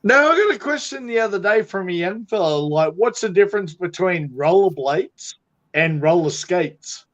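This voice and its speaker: A man's voice: sits high, lively intonation, moderate pace, a bit bright. A man on a casual chat, rambling loosely and swearing heavily. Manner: profane, rambling, heavy swearing. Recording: dull lo-fi audio.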